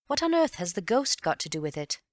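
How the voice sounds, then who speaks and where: A woman reading an audiobook and voicing an eager, excitable young Englishman who is easily puzzled, with quick, breathless exclamations. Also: mid-range voice, no room sound, voice pushed up, lightly acted. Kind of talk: audiobook character voice.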